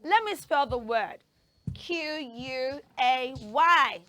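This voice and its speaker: A woman's voice: sits high, expressive, extremely slow, sharp tone. A woman with a Nigerian accent hosting a children's TV show in a studio, teaching pronunciation in an upbeat, coaxing way and drilling words for children to repeat. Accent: Nigerian English. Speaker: children's TV host.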